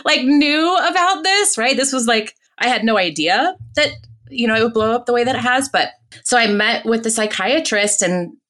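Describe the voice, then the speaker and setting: A woman in her forties, a podcast guest telling her own story in a candid, lively way, often adding "right?" and "like". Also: fairly high pitch, normal speed. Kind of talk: casual personal storytelling.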